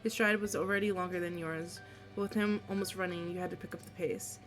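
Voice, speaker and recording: A woman's voice: on the low side, fairly even intonation, fast talker, soft background music. A young adult woman streamer reading a visual novel aloud, with casual, emotional asides.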